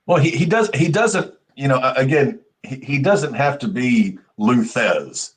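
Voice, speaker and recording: A man co-hosting a wrestling podcast, talking casually in halting starts and repeated words. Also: medium pitch, lively intonation. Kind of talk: casual chat.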